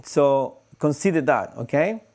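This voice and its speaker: Animated man teaching breathwork, fairly high voice. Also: measured pace. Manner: animated, demonstrates breaths with audible sighs. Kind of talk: live-streamed breathing lesson.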